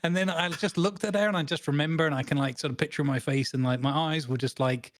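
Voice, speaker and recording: A man's voice: on the high side, fairly even intonation, quick pace, no room sound, clean studio sound. A man, co-hosting a casual chat and telling a long, rambling story full of restarts and fillers. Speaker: podcast co-host.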